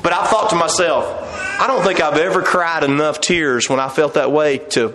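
A man's voice: on the high side, normal speed, reverberant, background noise. A man preaching a sermon with fervor, acting out voices and laughing now and then. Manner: fervent preaching, acts out quoted voices, laughs often.

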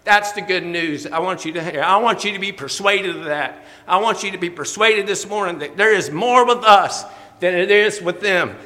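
A man preaches a heartfelt sermon in a high, bright voice. He chuckles between phrases and switches to old-fashioned scriptural wording for quotes. The sound carries a long reverb from a church hall. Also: moderate pace. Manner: folksy, laughing often, quoting scripture in old-fashioned wording.

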